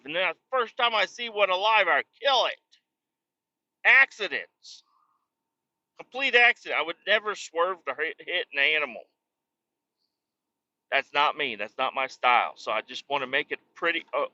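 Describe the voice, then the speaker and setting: A man's voice: sits high, sharp tone, dry recording, dull audio. A man hosting a podcast, telling a rambling, profane, self-mocking comic story. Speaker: podcast host. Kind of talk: comedic storytelling monologue.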